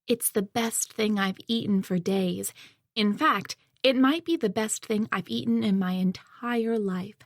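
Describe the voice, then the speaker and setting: A woman reading a first-person audiobook in a measured, reflective way. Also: medium pitch, no room sound, clean studio sound. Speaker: audiobook narrator.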